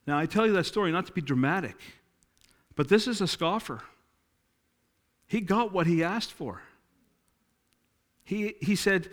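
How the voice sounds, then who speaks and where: A man's voice: high voice, lively intonation, measured pace, long pauses. A middle-aged man preaching a sermon, telling stories and acting out quoted dialogue with emphasis.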